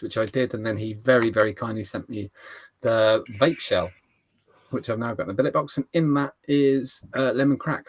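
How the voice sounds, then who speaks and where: A British man co-hosting a live show, laid-back and casual, swearing and stumbling over names. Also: mid-range voice. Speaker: co-host.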